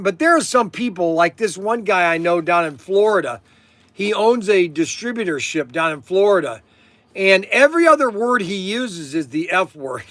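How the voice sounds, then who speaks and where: A man's voice: sits high, a bit bright, no room sound. A man hosting a casual livestream, rambling and repeating himself, tacking "okay" onto his sentences. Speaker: livestream host.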